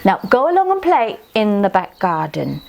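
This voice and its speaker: A woman's voice: mid-range voice, huge pitch swings, moderate pace, vocal fry, darkish tone. Casting: woman doing a protective fairy mum for a children's storybook, firm and warning. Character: stern, protective fairy mother.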